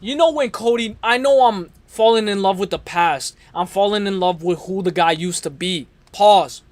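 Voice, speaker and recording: A man's voice: sits high, moderate pace, no echo. A young man hosting an MMA preview show, talking in a casual, rambling, slangy way and correcting himself often. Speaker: MMA podcast host. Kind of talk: casual fight preview talk.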